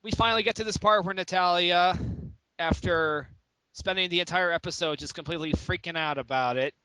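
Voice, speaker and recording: A man's voice: high voice, a little fast, bright, forceful tone, smooth, no echo, low-quality recording. A man co-hosting a casual review podcast, rambling with stumbles and restarts. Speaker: podcast co-host.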